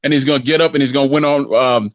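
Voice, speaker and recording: A man's voice: mid-range voice, steady tone, rapid-fire, no room sound, lo-fi sound. A man co-hosting a casual boxing talk show, rambling and repeating himself as he argues his predictions. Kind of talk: casual sports debate.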